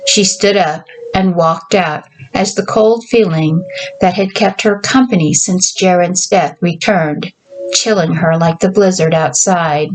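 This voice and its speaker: Woman author narrating her story, slow and measured. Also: lowish voice, poor audio. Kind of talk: story reading.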